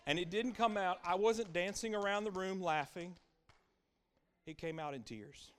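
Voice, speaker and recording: A middle-aged man delivers a sermon from the pulpit. His voice sits a little high for a man. He preaches with a repetitive, emphatic cadence, dropping to hushed, intimate lines before climbing to loud, exclaiming peaks. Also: moderate pace, clear, resonant tone. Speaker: pastor.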